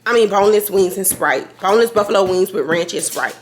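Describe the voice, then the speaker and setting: A woman, chatting casually to camera as a vlogger in a rambling way full of slang, her voice a little hoarse. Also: mid-range voice, fairly quick, few pauses, slight background noise. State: slightly hoarse after being sick.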